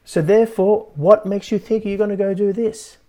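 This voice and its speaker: A man's voice: sits high, fairly even intonation, normal speed, mellow, pitched above the performer's own voice, close to an everyday voice. A man voicing a nagging inner monkey, a doubting inner voice that bluntly scolds. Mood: scolding.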